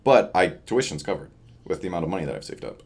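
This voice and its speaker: Deep-voiced young man rambling tiredly. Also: sing-song, fast, creaky. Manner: rambling, loose and chatty with many fillers. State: tired from lack of sleep. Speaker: vlogger. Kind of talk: casual weekly video diary. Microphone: camera facing him.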